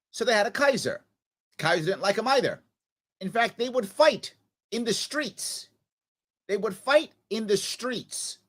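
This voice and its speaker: Male talk-radio host, lively swooping delivery, slightly higher voice, asks and answers his own questions. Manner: storytelling with rhetorical questions. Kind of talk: political talk radio monologue.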